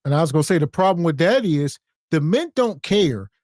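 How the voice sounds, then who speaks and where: Podcast co-host, man, a bit high-pitched, blunt and scornful. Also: animated, fairly quick, darkish tone, no echo, clean studio sound. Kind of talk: casual commentary.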